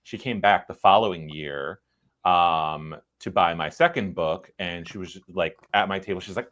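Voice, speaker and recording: Deep-voiced man telling a relaxed story. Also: normal speed. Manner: relaxed, rambling anecdotal storyteller. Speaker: young adult novelist and podcast co-host. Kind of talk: casual panel chat on a livestream.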